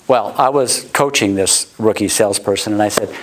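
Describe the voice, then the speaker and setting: A middle-aged man giving a sales training talk, acting out customer quotes in high voices. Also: moderate pace, fairly bright tone, low-quality recording. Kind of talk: motivational sales talk to a live audience. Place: warm indoor room.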